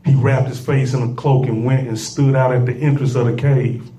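A man preaching a sermon with call-and-response, repeating phrases and building to shouts. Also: mid-range voice, flat delivery, moderate pace, recorded from a distance. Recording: echoey room, voice off-mic.

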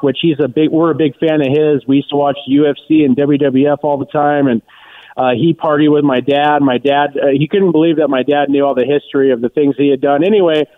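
A man from Southern California calling in to a sports radio show, rambling with earnest fan enthusiasm. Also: on the high side. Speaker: caller. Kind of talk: phone call to a radio show. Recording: tinny phone line.

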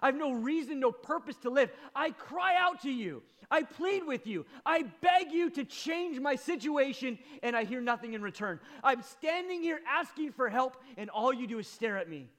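A man's voice: very high voice, lively intonation, moderate pace, few pauses, a bit bright, pitched above the performer's own voice. A preacher voicing a despairing man who cries out to God in an impassioned, pleading way. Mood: anguished pleading. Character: anguished grieving man crying out to God.

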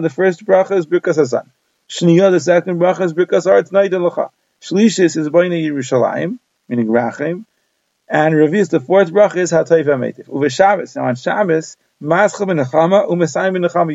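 A man's voice: on the high side, vocal fry, a little mellow, no echo. A man teaching a Talmud class, reading each phrase of the text and then translating and explaining it. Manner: reads Hebrew-Aramaic text then translates line by line. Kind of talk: daily page Talmud class. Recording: dull lo-fi dry recording.

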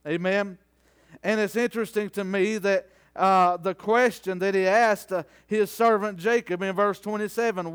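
A man preaching a sermon, asking for amens and building from conversational storytelling into fervent, drawn-out declamation. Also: sits high, smooth. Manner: rhetorical call-and-response, rising into fervent slow declamation.

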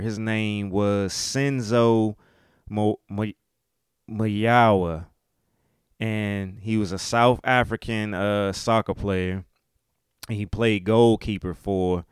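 A man hosting his own podcast, giving relaxed solo commentary with easygoing swearing and frequent chuckles. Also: lowish voice, clean tone, dry recording, clean studio sound. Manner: laid-back, swears freely, chuckles often. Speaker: podcast host.

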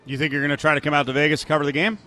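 A man hosting a sports talk radio show, chatty and joking with quick asides. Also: a little high, level tone, pushed and bright.

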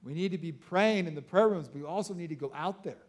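A man in his thirties preaching a sermon, telling stories excitedly with lots of fillers like "like" and "you know". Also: a little high, fast talker. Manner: excitable storytelling with many fillers. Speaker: pastor.

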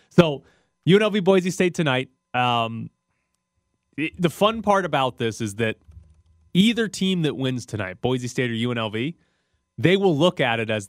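A man's voice: medium pitch, sing-song, moderate pace, dry recording. A male sports radio host talking through games in a casual, analytical way. The sound is dry and close, from a studio microphone.

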